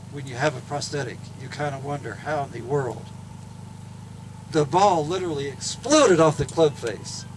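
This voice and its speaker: A man's voice: fairly high pitch, slight background noise, poor audio. A man telling a story to a crowd outdoors in an earnest, folksy manner. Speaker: speaker at a golf event. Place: outdoors at a golf course.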